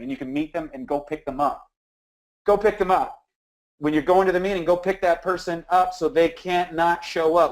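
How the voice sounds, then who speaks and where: Energetic man coaching sales calls. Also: on the high side, normal speed, low-quality recording. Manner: energetic, acts out sales-call dialogue, frequent restarts. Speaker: sales trainer. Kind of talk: instructional talk.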